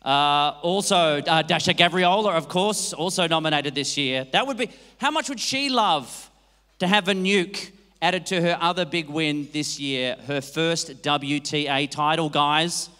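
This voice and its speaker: A man hosting an awards night as master of ceremonies, cracking quick jokes and bantering with the crowd. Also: fairly high pitch, pushed and bright. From Australia. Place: large hall. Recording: long hall reverb.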